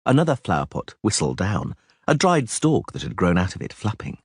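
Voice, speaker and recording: Animated, husky male audiobook narrator. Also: lowish voice, moderate pace, no room sound, studio quality. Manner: expressive, animated storytelling. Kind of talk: scripted fantasy narration.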